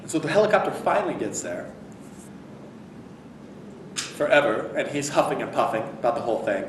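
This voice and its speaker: A man's voice: medium pitch, a little fast, long pauses, background noise. Man speaking in an echoey hall. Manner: conversational, animated when telling the story. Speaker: speaker at a convention. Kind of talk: inspirational speech, storytelling. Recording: echoey hall, recorded from far off.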